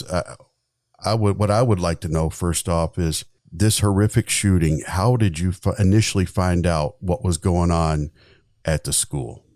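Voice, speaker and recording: A man's voice: deep voice, a little mellow, dry recording, studio quality. A man hosting an interview, asking questions in a hesitant, informal way with many fillers. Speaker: podcast host.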